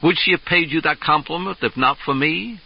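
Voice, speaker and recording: A man voicing a calm, logical male alien officer in a measured, precise, detached way, on a dull lo-fi 1970s tape. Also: on the high side, gravelly, husky. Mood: cool, logical.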